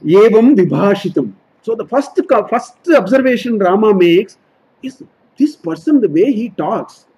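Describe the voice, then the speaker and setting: A man's voice: sits high, expressive, unhurried, a little mellow, husky, rough recording. A man teaching a scripture study class, explaining verses line by line and often repeating and correcting himself. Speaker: Vedanta teacher.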